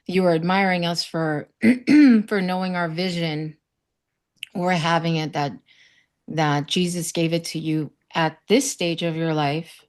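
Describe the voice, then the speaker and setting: A woman from South Florida on a panel, sharing earnest, faith-filled stories and acting out quoted voices. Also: on the low side. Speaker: summit panelist. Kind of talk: casual panel conversation.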